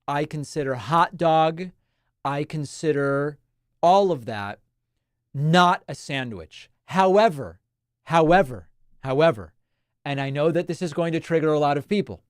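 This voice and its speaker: A man's voice: on the high side, smooth, dry recording, studio quality. A male host from Argentina, chatting wryly on a livestream and reading out viewer messages. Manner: wry, chatty, animated asides.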